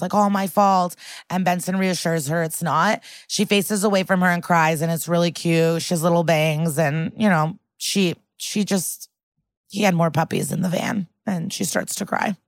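A woman's voice: on the low side, no room sound, studio quality. A woman co-hosting a podcast, recapping a TV episode in casual chat, full of "like" and "um" and acting out quotes. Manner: chatty, lots of "like" and "um", acts out quotes. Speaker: podcast co-host.

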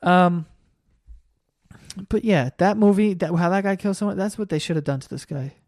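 A man hosting a podcast, rambling in a casual monologue full of swearing that gets worked up and loud. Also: high voice, normal speed, dry recording, studio quality. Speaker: podcast host.

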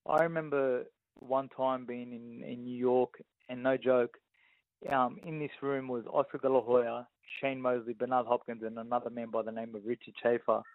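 This guest boxer, an Australian man in his thirties, talks at a normal speed in a mid-range, level tone during casual interview storytelling. He frequently drops in "you know what I mean." His voice comes through dry and phone-like, with a tinny edge.

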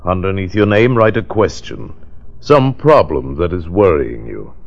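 Psychic doctor, 1940s radio acting, low voice, big pitch swings, dull old broadcast sound. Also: male voice, expressive. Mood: hushed. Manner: soft, measured mystic voice that turns to frantic shouting. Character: nervous male psychic doctor, hushed then panicky.

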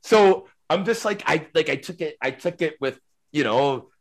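A middle-aged man, a former hockey player, telling stories casually as a podcast guest, rambling and animated, tagging his sentences with questions. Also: on the high side, moderate pace. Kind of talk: casual storytelling.

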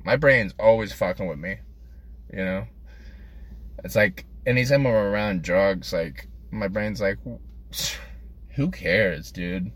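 A man's voice: lowish voice, a little slow. A man delivering a crude, self-deprecating comedic monologue as a podcast host, rambling from one thought to the next.

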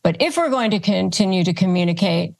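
A woman hosting an advice show, calmly teaching phrases and acting them out as examples. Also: lowish voice, a little fast, vocal fry. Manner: calm, instructive, demonstrates phrases aloud. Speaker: host. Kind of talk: advice talk to camera.

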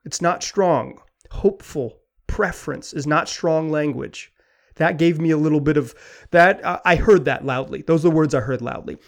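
A man delivers a sports talk podcast monologue in a voice pitched a little above the usual. He rambles in an animated way, stumbles over his words and restarts his sentences often. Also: moderate pace, vocal fry. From Pacific Northwest. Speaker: podcast host.

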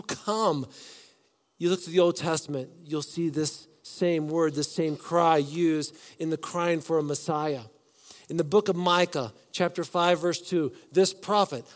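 A man preaching a sermon as pastor, swinging between loud emphatic lines and soft hushed ones. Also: high voice, long reverb tail.

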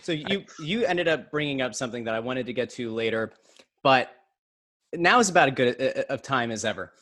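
A man hosts a podcast in a relaxed, joking tone. His voice sits at an ordinary middle pitch. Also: fairly quick. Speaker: podcast host. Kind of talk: casual interview chat.

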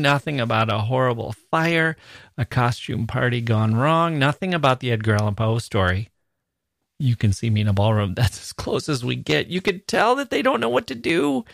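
A man's voice: on the high side, measured pace, vocal fry, dry recording, clean studio sound. A man hosting a literature podcast, talking casually in a wry, mockingly disappointed way. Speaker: podcast host.

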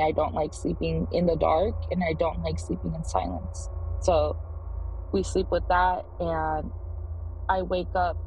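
A woman in her thirties earnestly recounting her own experience in a voicemail, with halting restarts. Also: on the low side, darkish tone, a little hiss or hum, rough recording. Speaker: voicemail caller. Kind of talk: first-person story.

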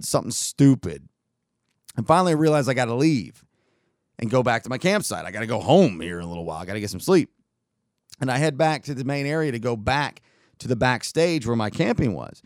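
A man's voice: medium pitch, clean tone, no echo. Rambling male podcast host, dry close sound. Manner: rambling, animated retelling with quoted dialogue. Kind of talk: casual storytelling monologue.

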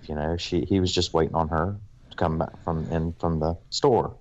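Man, very low voice, podcast co-host, casual storytelling, profane, rambling. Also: normal speed, a little mellow, lo-fi sound, slight background noise. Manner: rambling, profane anecdote-telling. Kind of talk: casual storytelling among friends.

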